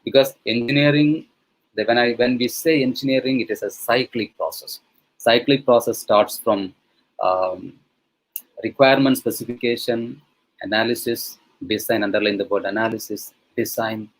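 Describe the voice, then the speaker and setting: A man's voice: medium pitch, rough recording. A male professor from India giving an online lecture to teachers, talking conversationally with many fillers and frequent "okay?" checks.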